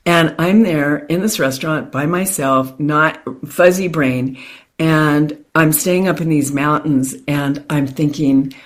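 A woman being interviewed tells a personal story in an animated way, often restarting and acting out quotes. Her voice sits low and her pace is unhurried.

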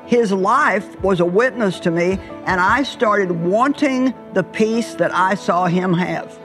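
A woman's voice: mid-range voice, slow pace, over music. A woman preaching a sermon in an earnest way, stretching words out for emphasis.

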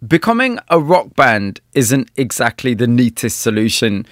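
A man's voice: medium pitch, very animated, moderate pace, no room sound, studio quality. A man narrating and interviewing in a documentary style, asking probing questions.

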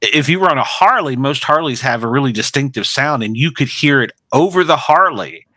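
A man's voice: mid-range voice, animated, a little fast, pushed and bright, no room sound. A man hosting a casual chat, reacting and weighing in.

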